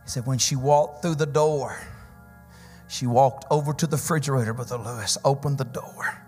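A man preaching a Pentecostal sermon, telling testimony stories that build to shouting, sing-song peaks. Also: medium pitch, normal speed. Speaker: visiting preacher. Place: church sanctuary. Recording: church hall reverb with keyboard music.

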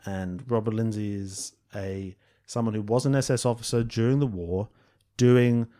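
A man's voice: on the low side, fairly even intonation, moderate pace, dark tone. Chatty man co-hosting a podcast. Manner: chatty, self-deprecating, jokey. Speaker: podcast co-host. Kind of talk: casual film review chat.

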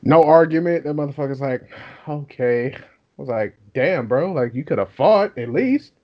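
A young man in his twenties telling a profane, animated story in casual chat, laughing as he goes. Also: fairly high pitch, normal speed. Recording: dull lo-fi sound.

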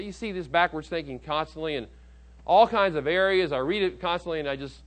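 A male pastor delivering a sermon, emphatic, with rhetorical questions to the congregation. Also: on the high side. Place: church auditorium.

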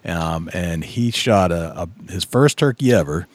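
A man hosting a podcast, speaking in a relaxed, affirming way as he tells a story, sometimes tripping over his words. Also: sits low, unhurried, no echo. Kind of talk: casual conversation.

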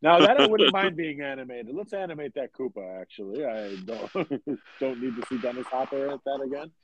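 A man co-hosting a podcast, easygoing and quick to laugh and react. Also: mid-range voice, lively intonation, a bit bright, highs cut off, a little hiss or hum. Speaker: podcast co-host. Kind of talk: casual podcast banter.

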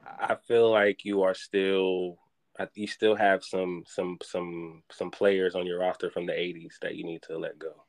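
Low-voiced man in playful banter. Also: level tone, a little slow. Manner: teasing, playful banter with sports talk. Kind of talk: casual podcast chat.

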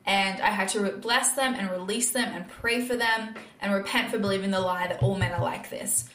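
Young woman, faith podcast host, candid and earnest, medium pitch, echoey room. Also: fairly even intonation, normal speed, fairly bright tone. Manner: earnest, candid, laughs often; acts out her own past thoughts in quoted asides. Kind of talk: faith-based podcast monologue.

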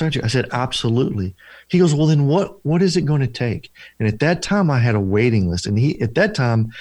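A man telling a personal ministry story in an interview, earnest and slowing down for emphasis as he acts out the dialogue. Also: mid-range voice, a little mellow, no room sound. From former Protestant, now Catholic. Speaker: deliverance minister, guest.

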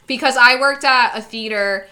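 A young American woman from New Jersey, chatting casually and throwing in quick, reactive quips. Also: fairly high pitch, sharp tone. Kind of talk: casual chat.

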